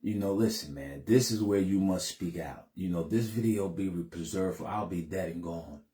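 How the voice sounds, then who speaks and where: Laid-back male vlogger, low and warm, recorded in a roomy space. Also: moderate pace. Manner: laid-back, says "man" at the end of most phrases. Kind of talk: casual direct-to-camera talk.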